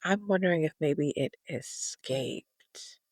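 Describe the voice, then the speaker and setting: A person playing a character in a tabletop game, speaking softly and reassuringly with hesitations. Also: mid-range voice, takes it slowly, no echo, studio quality. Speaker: player.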